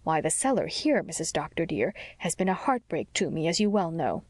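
A woman reading the part of a practical, cheerful housekeeper in an audiobook, speaking briskly and matter-of-factly. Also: low-pitched, big pitch swings, darkish tone, no echo.

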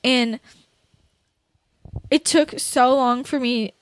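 A woman's voice: high-pitched, fairly even intonation, very slow. A young woman hosting a candid conversation, talking bluntly and ramblingly with many fillers and laughing through tears.

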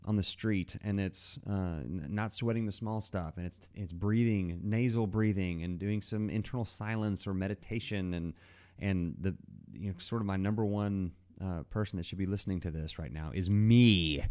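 Speaking at normal speed, a low, mellow-voiced podcast host talks on his own in a casual monologue. His delivery wanders, packed with fillers and false starts.

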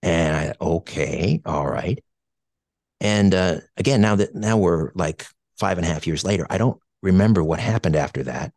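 A man's voice: low voice, fairly quick, darkish tone, no echo, studio quality. A middle-aged Canadian man who co-hosts a radio show tells a personal story in a hesitant, reflective way, with many fillers and restarts.

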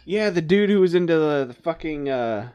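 A man's voice: fairly high pitch, normal speed, a little hiss or hum. A man co-hosting a podcast who tells stories and swears in casual chat. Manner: animated storytelling, swearing. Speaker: podcast co-host.

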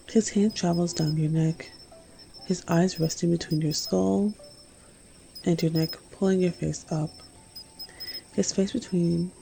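A woman reading a second-person romance story aloud in an intimate, hushed narration. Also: lowish voice, creaky, a little hiss or hum, poor audio. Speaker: reader.

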